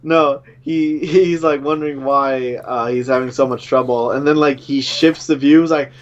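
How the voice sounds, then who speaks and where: A man's voice: mid-range voice, fairly even intonation, moderate pace, lo-fi sound. A young man co-hosting a casual movie chat, mostly agreeing and chiming in with short details.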